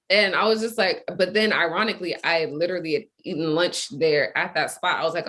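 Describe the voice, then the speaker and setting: A young adult woman, a guest in casual conversation, telling a story in animated, quick bursts. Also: on the low side.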